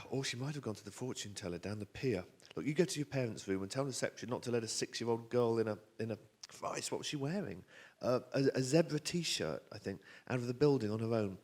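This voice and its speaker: A man's voice: mid-range voice, a little mellow. A man voicing a frantic mother giving urgent orders. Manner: urgent, clipped, rapid instructions. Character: frantic mother searching for her missing daughter.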